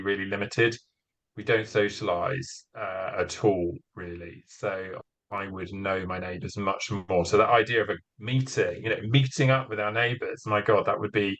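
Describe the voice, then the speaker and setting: A man's voice: on the low side, fairly bright tone, low-quality recording. A man in a community group video call, describing his rural home in a rambling way with many fillers.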